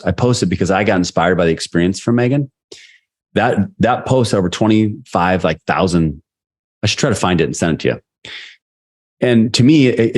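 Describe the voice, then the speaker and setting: A man's voice: low-pitched, a little mellow. A middle-aged man, a sales leadership coach, telling candid stories in an interview with many restarts. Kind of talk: storytelling interview answers.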